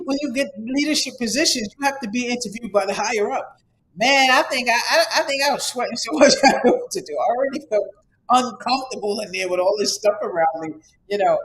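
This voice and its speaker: A man's voice: high voice, fairly bright tone, a little hiss or hum, low-quality recording. A man who teaches an online course, giving his students a casual, rambling, repetitive motivational talk with emphatic repeated urging. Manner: casual, conversational.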